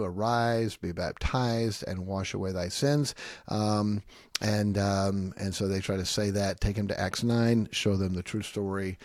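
A man's voice: on the low side, darkish tone, no room sound, studio quality. A man preaching a teaching sermon, explaining plainly with many fillers and asides, and rising sharply when he stresses a point. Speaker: Baptist pastor.

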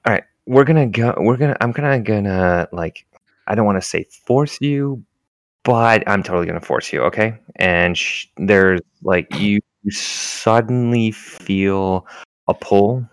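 A man narrating a tabletop game as game master, describing scenes in an unhurried way with many fillers. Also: lowish voice, dry recording. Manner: unhurried, descriptive, full of fillers like "you know".

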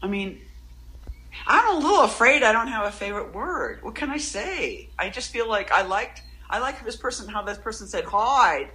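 Woman poet guest, bright tone, rambling and self-interrupting. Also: a little high, animated, moderate pace, husky, low-quality recording. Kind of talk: casual interview chat.

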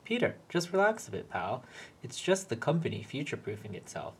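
A man's voice: medium pitch, big pitch swings, fairly quick, slightly rough. A man voicing a male factory floor manager who coaxes and soothes. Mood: coaxing. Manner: soothing, coaxing.

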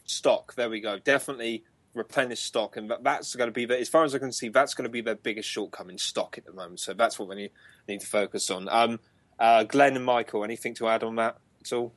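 A man's voice: medium pitch, quick pace, a bit bright, no echo. A young British man hosting a casual gaming podcast, chatty and laughing, with lots of ums. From Britain. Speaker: podcast host.

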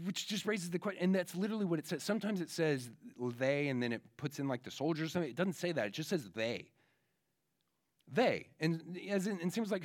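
A pastor preaching a conversational sermon in a casual way, with frequent fillers and restarts. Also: male voice, a little high, animated, brisk.

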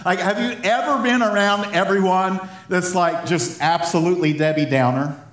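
A man with a somewhat high voice preaches a sermon, animated and often laughing as he builds to excited emphasis. The sound carries the roomy echo of a church hall. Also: normal speed. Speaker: pastor.

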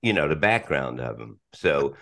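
Man, extremely deep voice, middle-aged, profane, rambling, casual podcast talk. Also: sing-song, normal speed, creaky, fairly bright tone. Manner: rambling, profane, restarts often, laughs a lot. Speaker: podcast guest, comedian.

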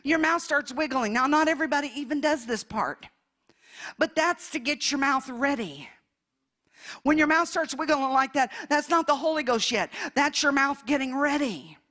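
High bright fervent older woman preacher. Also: normal speed. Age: 60s. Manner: fervent, calls out hallelujahs, shifts from loud to hushed. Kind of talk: Pentecostal sermon.

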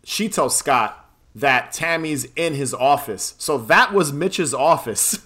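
Bright-voiced man recapping a movie. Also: fairly high pitch, animated, takes it slowly. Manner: rambling, profane, laughs often. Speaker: podcast co-host recapping a film. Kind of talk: casual chat.

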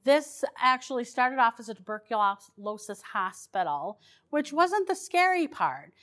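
A woman with a somewhat high voice tells her stories as a paranormal investigator. She talks in a casual, rambling way, full of restarts and small fillers. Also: big pitch swings, measured pace, fairly bright tone. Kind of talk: casual storytelling.

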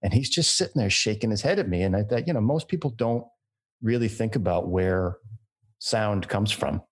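A man's voice: lowish voice, moderate pace, husky. A man who works in voiceover, chatting and telling stories. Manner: chatty anecdotal storyteller. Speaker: voiceover artist, podcast guest. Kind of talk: casual chat.

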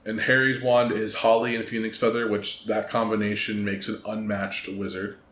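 A man co-hosting a podcast from the United States, chatting in a relaxed way with lots of ums and mm-hmms. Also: on the low side, normal speed. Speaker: podcast co-host. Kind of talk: casual chat. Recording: echoey room with faint noise.

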